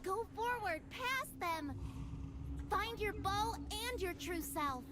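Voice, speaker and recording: A woman voicing a small, gentle doll boy companion, speaking softly and encouragingly while reading game dialogue. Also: lively intonation, takes it slowly, noisy background, heavily acted. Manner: soft, high and encouraging.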